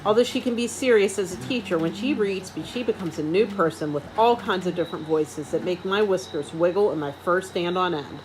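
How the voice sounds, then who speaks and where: A woman reading a children's storybook aloud in an expressive, animated first-person way. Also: fairly low pitch, fairly quick, hardly any pauses, noisy background. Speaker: reader.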